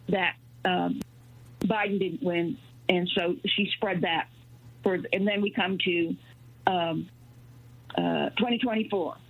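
Woman caller, husky, telephone audio, meandering and halting. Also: mid-range voice. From New Mexico. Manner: rambling, halting with many fillers. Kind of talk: call-in radio talk. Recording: tinny phone line.

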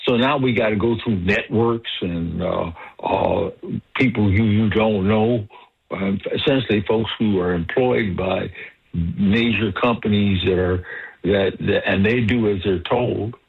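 A male caller on a radio talk show, speaking passionately but haltingly, with many restarts and repeated words. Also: fairly low pitch. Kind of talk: passionate call-in commentary. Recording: husky phone line.

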